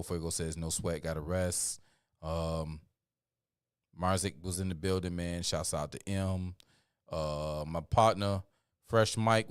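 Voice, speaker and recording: A man hosting a livestream, sounding tired and talking casually, with many fillers and shout-outs. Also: low voice, smooth, no room sound, clean studio sound. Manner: preachy build-up then laid-back rambling. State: tired, yawning. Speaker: livestream host.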